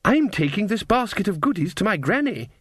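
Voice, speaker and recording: A man's voice: sits high, very animated, a little fast, a bit bright, breathy edge, no echo, clean studio sound, voice pushed up, exaggerated voice. A man voicing a bold, teasing little girl in a red cloak for an audiobook. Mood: cheeky. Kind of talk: audiobook character voice.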